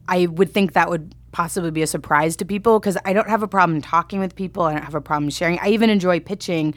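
A comedy writer tells a story in casual conversation, chatty and self-deprecating, with lots of fillers and laughter. Her voice is on the low side, her pace quick, and the recording dry.

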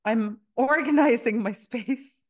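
A woman's voice: a little high, slow, darkish tone. A young woman co-hosting a podcast, telling a story in casual chat with lots of swearing. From Ireland. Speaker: podcast co-host.

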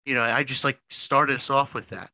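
Rambling, animated pastor with a bright voice. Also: male voice, medium pitch, moderate pace, no echo, rough recording. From northern United States. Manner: rambling, repeats words, animated storytelling. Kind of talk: casual podcast chat.

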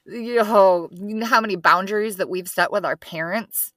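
An upbeat woman in her thirties co-hosts a casual podcast chat and steers it from one segment to the next. Her voice is bright and clear-toned. The recording is dry and close. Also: medium pitch, normal speed, no room sound. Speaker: podcast co-host.

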